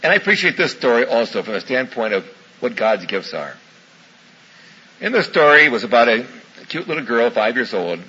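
Lively, bright-voiced male preacher. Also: medium pitch, husky, highs cut off. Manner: folksy storytelling, warm asides, chuckles. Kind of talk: sermon with folksy anecdotes.

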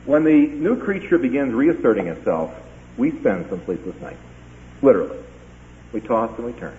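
A man preaching a sermon, retelling a Bible story in an animated way and briefly acting out the characters' lines. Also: mid-range voice, normal speed, slight background noise. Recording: tinny phone-like sound.

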